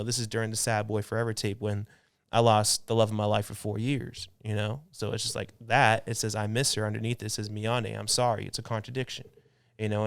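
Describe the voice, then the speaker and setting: A man's voice: fairly low pitch, clean tone, dry recording. A man in his twenties chatting casually as a podcast guest, laid-back and rambling with lots of fillers. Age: 20s. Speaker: podcast guest, clothing designer. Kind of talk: casual chat.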